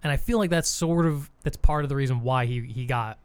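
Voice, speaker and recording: A man's voice: medium pitch, a little fast, slight background noise. A man chatting casually and rambling, swearing now and then. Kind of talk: casual podcast chat.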